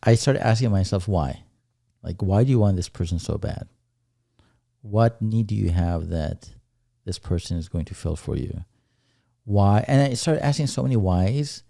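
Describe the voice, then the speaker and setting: A man co-hosting a podcast, talking things over in a reflective, unhurried way. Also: lowish voice, expressive, creaky, dark tone, no echo, clean studio sound. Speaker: podcast co-host. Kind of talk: casual chat.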